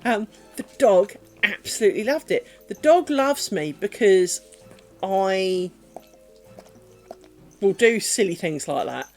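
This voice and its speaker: A chatty woman streaming from home while she crafts. Her pitch swings up and down a lot as she rambles through stories, then sinks soft and low whenever she talks to her pets. Faint music plays behind her. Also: lively intonation, slow pace, long pauses. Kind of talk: casual chat while crafting.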